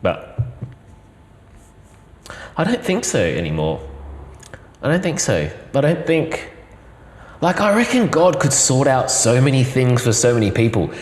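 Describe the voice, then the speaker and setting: A man's voice: medium pitch, measured pace, pauses often. Earnest Australian man in an echoing room. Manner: earnest, expressive, piling up repeated phrases. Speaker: interview guest. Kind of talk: heartfelt personal interview. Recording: roomy hall reverb.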